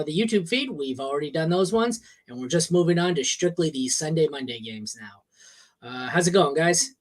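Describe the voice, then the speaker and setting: A man hosting a fantasy football podcast, jokey and friendly, leading the casual chat. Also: fairly high pitch. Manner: friendly, jokey, runs the show. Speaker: podcast host.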